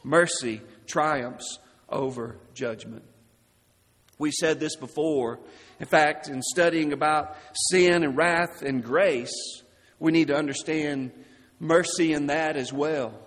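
Slow, deliberate preacher in a reverberant hall. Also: male voice, fairly even intonation. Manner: slow, deliberate, drops low and soft on key words. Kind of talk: sermon.

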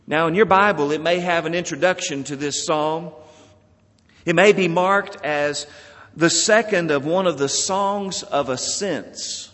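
A pastor preaching a sermon in a slow, measured way, lifting for emphasis and dropping soft at the ends of phrases. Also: male voice, a little high. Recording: long reverb of a large hall.

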